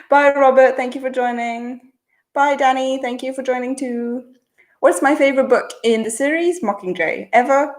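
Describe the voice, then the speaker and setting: A young woman hosting a casual livestream, reading out chat questions and answering in a relaxed, chatty way, thinking aloud before she replies. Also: on the high side. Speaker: channel host.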